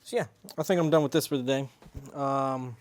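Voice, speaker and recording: Male car hobbyist, mid pitch, unscripted garage talk, swears a lot, mumbled restarts. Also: a little fast. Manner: casual and profane, trailing off and restarting. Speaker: car owner working on his own car. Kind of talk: casual garage vlog.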